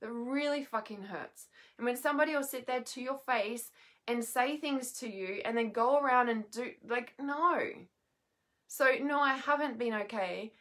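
Lying in bed at home, a tired woman who vlogs as a healer and mentor vents in an emotional, unscripted monologue. Her slightly high, fairly bright voice moves at a moderate pace, and she sounds emotionally worn. The talk is raw and restless, heavy with swearing, trailing off and starting over.

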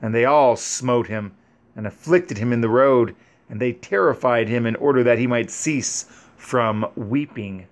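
A man reading an old scripture narrative aloud in a measured, solemn way, with frequent pauses. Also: medium pitch. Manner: measured, solemn, pausing often. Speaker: scripture reader.

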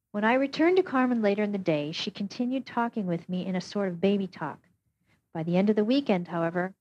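A woman narrating an audiobook in a steady, measured first-person reading. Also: mid-range voice. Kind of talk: scripted narration. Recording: dull, dry lo-fi recording.

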